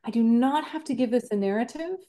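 A woman speaking as a podcast guest, talking in an animated and reflective way and acting out her own inner thoughts as she explains. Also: fairly high pitch, fast. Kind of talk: reflective conversational interview.

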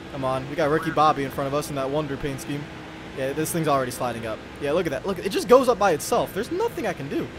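A man's voice: on the high side, noisy background. A young man giving chatty, exasperated, self-mocking commentary while playing a racing game at home. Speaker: gaming YouTuber. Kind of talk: gameplay commentary. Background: game music.

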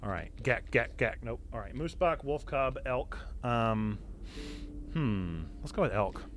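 A pastor giving excitable live-streamed gameplay commentary, now and then bursting into loud cheers. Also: male voice, mid-range voice, a little slow, slight background noise. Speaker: pastor streaming a video game.

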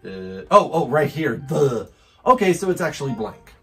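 A man hosting a let's-play video, commenting on his game to himself with frequent whoops, laughs and excited exclamations. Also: fairly high pitch, normal speed, faint music behind. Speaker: gaming channel host.

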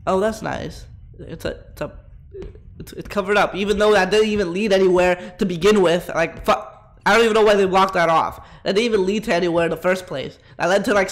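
A man streaming a horror game, talking crudely and rambling at his chat as he plays. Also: high voice. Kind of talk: live gameplay commentary.

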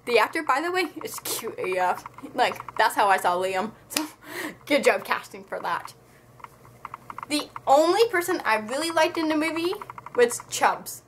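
A book and movie reviewer gives a casual, exasperated review to camera, ranting energetically in slang. She has a high, very animated voice but takes her time, and there's background noise.

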